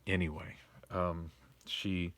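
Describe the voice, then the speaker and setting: A man's voice: sits low, level tone, slow pace, fairly bright tone, no echo. A man vlogging from home on a phone, rambling and complaining wearily in a casual monologue. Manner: weary, complaining, meandering with restarts. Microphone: phone camera.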